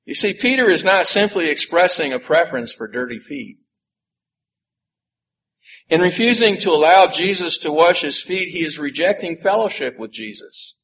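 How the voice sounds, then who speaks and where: A man preaching a sermon, slow and emphatic, with dramatic pauses. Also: on the high side, expressive, fairly bright tone, lo-fi sound. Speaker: pastor.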